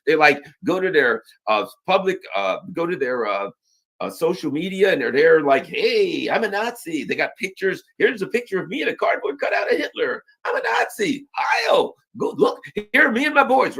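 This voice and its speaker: A man with a slightly high, fairly bright voice hosts a sarcastic political news commentary. He mocks and uses irony throughout, piling on heavy sarcasm and putting on mock voices.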